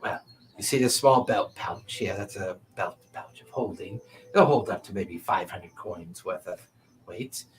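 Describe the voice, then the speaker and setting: A man voicing a courteous male merchant who bargains smoothly and politely at his counter, in a tabletop game. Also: deep voice, unhurried, slight background noise, voice pushed down.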